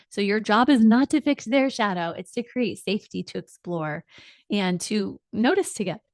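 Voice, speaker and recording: A woman's voice: medium pitch, no room sound. A woman marriage coach talking listeners through a solo podcast lesson in an earnest, encouraging way, speaking to them directly.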